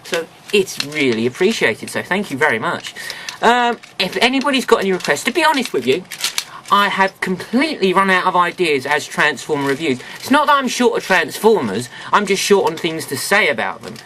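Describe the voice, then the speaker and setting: A man's voice: high voice, sing-song, brisk, noisy background. A man reviewing old toys in a casual vlog, frank, grumbling and self-mocking as he talks. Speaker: toy reviewer.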